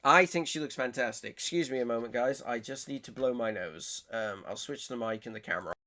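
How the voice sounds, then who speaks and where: Excitable man gushing over trailers. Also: mid-range voice, fairly quick. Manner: excitable and gushing, swearing, laughing, restarting sentences. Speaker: YouTuber reacting to trailers. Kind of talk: casual reaction video chat.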